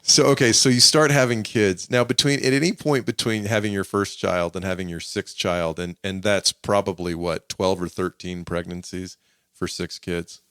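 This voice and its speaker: A middle-aged man hosting a podcast and interviewing his father, teasing and joking as he fires quick follow-up questions. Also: low voice, steady tone, a bit bright, smooth, no room sound, studio quality. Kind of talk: casual interview.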